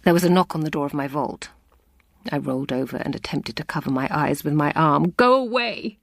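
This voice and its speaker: A woman giving a dramatic first-person story reading in a hushed, half-whispered delivery. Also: low voice, fairly even intonation, quick pace, dry recording, clean studio sound. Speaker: audiobook reader.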